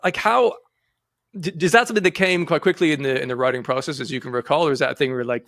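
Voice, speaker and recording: A man's voice: a little high, quick pace, a bit bright, no echo, studio quality. A man hosting a casual music interview, enthusiastic and rambling as he builds his questions. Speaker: interview host.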